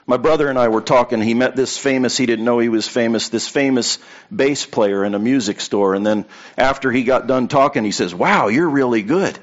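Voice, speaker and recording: A man's voice: medium pitch, fairly even intonation, brisk, muffled recording. A man preaching a sermon to a congregation in a conversational way, telling anecdotes and repeating key points for emphasis. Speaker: pastor.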